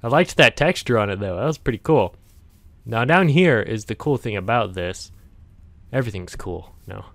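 A gaming channel host with a lowish voice and fairly bright tone chats directly to viewers as he plays, giving casual commentary; he's easily startled, letting out yelps and laughs. Slight background noise is present.

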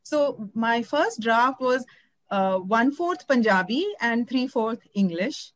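A woman's voice: fairly high pitch, animated, slow pace, dry recording, poor audio. A woman from India talking expressively about translating a novel, often searching for words and restarting. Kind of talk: conversational talk about translating.

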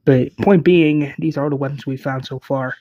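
A man's voice: mid-range voice, fairly even intonation, moderate pace, no room sound, dull audio, close to an everyday voice. A man doing an offhand young survivor. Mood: casual. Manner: casual, rambling. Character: casual young male survivor, unsure and offhand.

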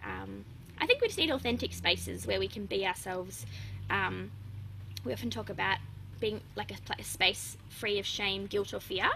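A woman's voice: mid-range voice, expressive, normal speed, creaky, pushed and bright, a little hiss or hum, poor audio. A young adult woman, chatting openly as an interview guest, with lots of fillers and frequent laughs. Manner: open, chatty, laughs often, many fillers. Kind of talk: casual interview chat.

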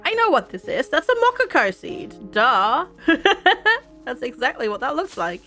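A woman's voice: high voice, big pitch swings, unhurried, pushed and bright, soft background music. A woman streaming a video game, chatting casually with viewers, giggly and reading game text aloud. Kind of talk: casual let's-play chat.

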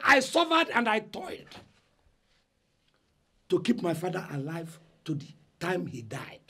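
A hot-tempered eldest son in a Nigerian family quarrel, lecturing everyone loudly. His voice sits high and husky and swings widely in pitch. He speaks with a Nigerian accent. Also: exaggerated voice. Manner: loud, agitated, lecturing. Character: indignant eldest brother claiming family inheritance. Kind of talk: Nollywood film acting.

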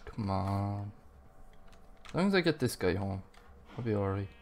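A man narrating his own gameplay, cursing almost every other sentence as things go wrong. His pitch swings widely, jumping up with outrage and dropping into muttered grumbles. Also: expressive, unhurried, darkish tone, slight background noise. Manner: swears constantly, frustrated outbursts at the game. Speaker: gamer. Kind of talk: let's play commentary.

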